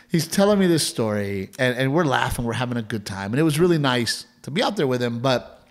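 Very animated and brisk, this man has a mid-range voice. He co-hosts a podcast and tells a family story loosely, restarting again and again, repeating words and laughing while he talks.

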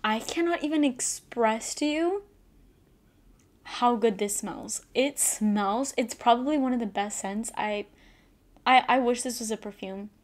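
A young woman in a casual unboxing vlog, gushing and excited, with lots of "like" fillers. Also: a little high, unhurried. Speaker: beauty vlogger.

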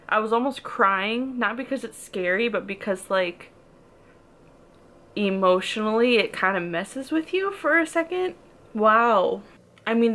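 A woman's voice: fairly high pitch, fairly bright tone. Emotional young woman rambling about a book. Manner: emotional, rambling, frequent "like" and laughs. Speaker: book vlogger. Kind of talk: casual reading vlog.

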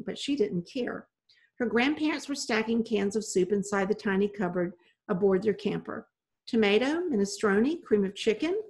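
A woman teacher reading a children's chapter book aloud to her young students. Her delivery is clear and friendly, paced for young listeners. Her voice sits at a middle pitch. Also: darkish tone. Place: at home with a virtual backdrop.

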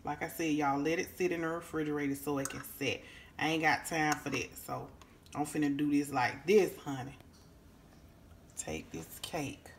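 A woman's voice: low-pitched, fairly even intonation, normal speed, a little hiss or hum. A woman hosting a home cooking vlog in her kitchen, folksy and exclaiming, calling her viewers honey and baby. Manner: exclaims and hums over the food. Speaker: cooking show host.

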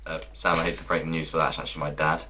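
A man playing Minecraft with friends, reacting excitedly and joking in casual voice chat. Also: very deep voice, a loud crowd. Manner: excitable, quick reactions, laughs. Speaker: Minecraft let's play co-host.

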